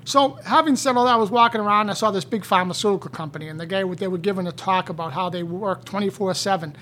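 A man in casual conversation, telling stories in an animated way. He often repeats words and gets louder as he goes. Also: sits high, quick pace, few pauses, a little hiss or hum.

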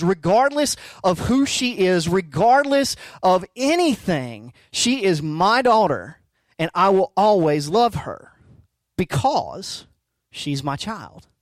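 A man in his thirties preaching a casual sermon as pastor, talking in halting restarts with joking asides. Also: sits high, big pitch swings, dry recording. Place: darkened church auditorium.

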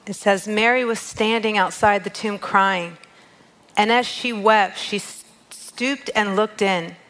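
A worship leader shares a heartfelt, conversational devotional and reads scripture aloud. Her medium-pitched voice is a bit bright, fairly even in intonation, and she takes her time. The audio quality is poor.

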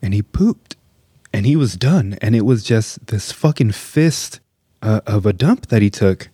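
A man in his thirties telling a comic story about his son in a casual, animated way, swearing, laughing often and dropping into whispers. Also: fairly low pitch, measured pace, husky, no echo, clean studio sound. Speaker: storyteller, father.

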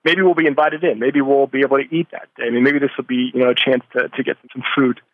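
Earnest male interviewee, mid-pitched, muffled dry recording. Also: fairly even intonation, quick pace, dry recording. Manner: earnest, searching for words. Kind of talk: reflective storytelling interview. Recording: slightly dull dry recording.

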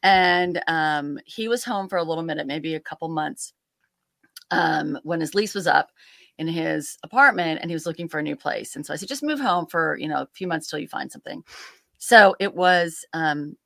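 Middle-aged woman guest, eager storyteller, lowish voice, dry sound. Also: normal speed, gravelly, fairly bright tone, no echo. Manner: enthusiastic, sets the scene. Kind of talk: casual storytelling.

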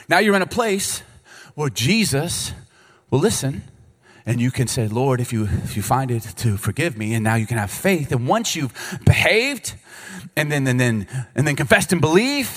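Pastor, male, 30s, lively conversational sermon, fairly high voice with wide swings, long hall reverb. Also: husky. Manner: animated, conversational preaching with quick asides and acted-out dialogue. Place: church sanctuary.

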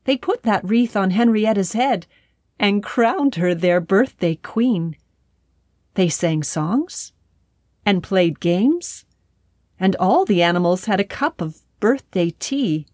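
Slow, gentle woman reading a children's story. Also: medium pitch, expressive, no echo, studio quality. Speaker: storybook narrator.

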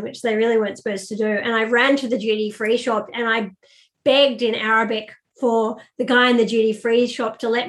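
Woman telling a story in an interview. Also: on the high side. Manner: animated anecdotal storytelling with fillers. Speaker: guest, business strategist.

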